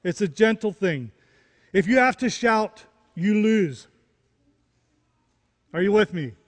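A man's voice: high-pitched, animated, takes it slowly, in a large hall. A man preaching a sermon, repeating key phrases and rising into emphatic questions. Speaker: pastor.

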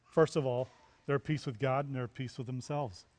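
A man's voice: medium pitch, steady tone, a little fast, a little mellow, long reverb tail. A man preaching a sermon, repeating key phrases and rising into emphatic questions. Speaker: pastor.

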